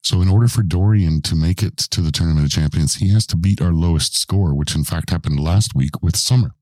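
A man hosts the show with casual, teasing banter and keeps prodding his co-host with questions. His voice sits extremely low with a dark, mellow tone. The sound is dry and close, with faint music behind. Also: brisk, dry recording.

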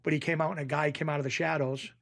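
A middle-aged man from Springfield, Massachusetts, telling stories as a podcast guest in a rambling, animated way with frequent restarts. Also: on the high side, very fast, creaky, no room sound. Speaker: podcast guest, former mob bookie. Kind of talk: casual storytelling interview.

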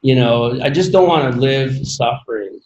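A man in casual interview talk, earnest and rambling, pressing hard on key words. His voice sits at an ordinary middle pitch. The sound carries a noticeable roomy echo. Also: normal speed, darkish tone, muffled recording, slight background noise. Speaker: podcast guest, former Olympic athlete.

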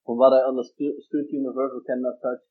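Man, podcast guest, halting speech, mid-pitched voice, tinny phone-like sound. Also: level tone, background noise. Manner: halting, many hesitations. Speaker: guest, fan collector. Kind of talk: casual interview chat.

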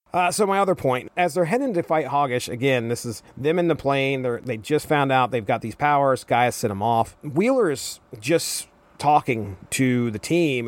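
A man's voice: medium pitch, dry recording. A man hosting a solo podcast, giving a chatty, wry comic book review with light laughs. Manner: chatty, wry, quotes characters in passing with little laughs. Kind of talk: casual solo commentary.

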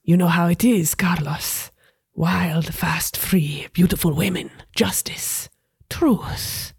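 A woman voicing a husky, whispering outlaw gunslinger. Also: on the low side, takes it slowly, dry recording, clean studio sound, exaggerated voice. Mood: grandiose. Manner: hushed, husky whispery delivery. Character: suave male outlaw gunslinger, grandiose, charming. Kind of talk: tabletop role-play.

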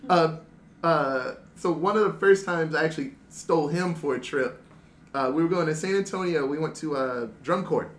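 A man telling animated, laughing stories among friends and acting out their lines. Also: on the high side, normal speed. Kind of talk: casual storytelling among friends. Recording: echoey room, noisy background.

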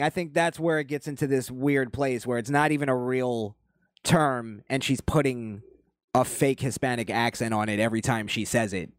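A man's voice: mid-range voice, no room sound, clean studio sound. A man ranting through heated, profanity-laced political commentary and reading viewer comments aloud. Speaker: commentary channel host.

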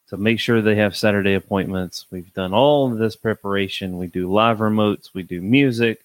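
A man's voice: fairly low pitch, dry recording. A man hosting a solo podcast, talking candidly and bluntly, with plenty of fillers and repeated words. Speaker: podcast host. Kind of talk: casual solo podcast monologue.

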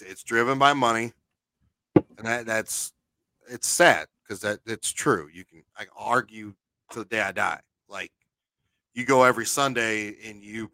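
A man co-hosts a podcast as a paranormal investigator, chatting casually in an animated way, sharing anecdotes and swearing now and then. His voice is fairly low, and the recording is dry.

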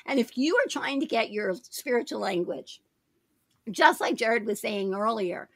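A woman's voice: a little high, expressive, unhurried, creaky, no room sound. A woman hosting a Christian talk show, speaking in an emphatic, preacherly way and repeating her phrases. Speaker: show host.

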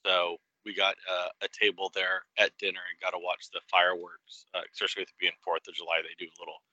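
A man co-hosting a casual chat, agreeable and quick to chime in. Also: low-pitched, monotone, pushed and bright, no room sound, highs cut off. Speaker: podcast co-host.

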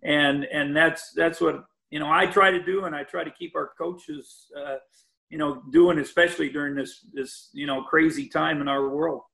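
Older coach with a gravelly voice. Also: male voice, on the high side, steady tone, moderate pace, pushed and bright. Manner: rambling, many restarts and "you know" fillers. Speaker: college basketball head coach. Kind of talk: podcast interview over a call.

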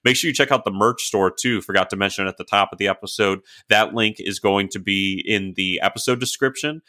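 A man's voice: fairly low pitch, brisk, pushed and bright. A man co-hosting a casual sports podcast, rambling with lots of fillers before an upbeat sign-off. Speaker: podcast co-host.

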